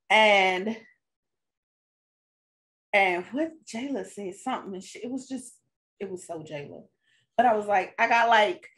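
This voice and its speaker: A woman co-hosting a podcast, telling a casual family story with frequent laughs. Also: a little high. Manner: laughs often, relaxed storyteller. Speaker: podcast co-host; mother and stepmother.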